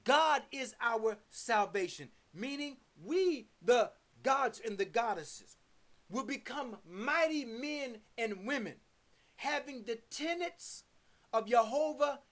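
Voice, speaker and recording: A woman's voice: fairly high pitch, expressive, takes it slowly. A woman preaching a sermon, stressing words and syllables and repeating lists of terms as she works through scripture.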